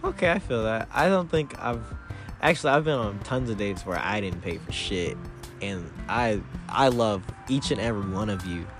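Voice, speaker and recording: Giggly, animated male podcast host. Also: fairly low pitch, normal speed, over music. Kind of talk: casual podcast chat.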